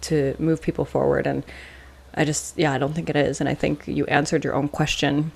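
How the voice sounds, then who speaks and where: A woman co-hosting a podcast, chatting in an earnest, affirming way. Her voice is gravelly with plenty of fry, and her pitch stays flat and even. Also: moderate pace. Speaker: podcast co-host. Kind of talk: casual chat.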